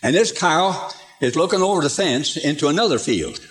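A man's voice: a little high, big pitch swings, moderate pace, faint music behind. An older man preaching a sermon in a folksy storytelling way, chuckling through his anecdotes, from an archive recording.

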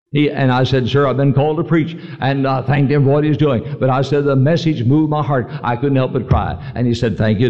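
A man's voice: a little high, a little mellow. A man preaching a sermon, telling stories and rising to emphatic points, on a dull old recording with a long echo. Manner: preaching with swells of emphasis and storytelling.

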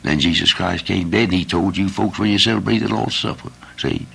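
An older man preaches with a gravelly, husky voice pitched on the low side. He talks in a homely, repetitive way and keeps asking the listeners questions. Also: brisk, bright, forceful tone. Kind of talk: sermon.

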